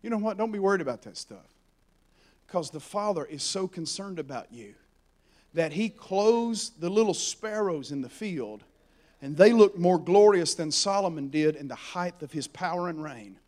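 A man preaching a sermon, animated and storytelling as he acts out the voices in the stories. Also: high voice, moderate pace.

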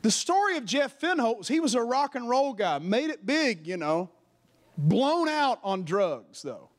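High-voiced man preaching a fervent sermon. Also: big pitch swings, a little slow. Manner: fervent, personal storytelling with calls to the congregation.

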